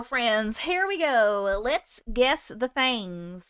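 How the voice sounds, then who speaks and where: A chatty woman hosts a live stream, laughing often and swearing casually. Her voice sits high and swings widely. The sound is smooth and dry, as if recorded close to the mic. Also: big pitch swings, very slow, a bit bright, dry recording.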